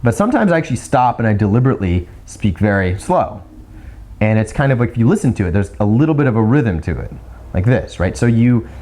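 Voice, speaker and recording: Lively low-voiced man giving speaking tips. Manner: chatty, repeats words, demonstrates slow rhythmic delivery. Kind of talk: casual teaching monologue.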